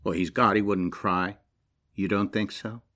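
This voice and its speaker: A middle-aged man preaching a sermon. He reads scripture and builds to loud, high, emphatic passages, then drops low and quiet. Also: steady tone, measured pace.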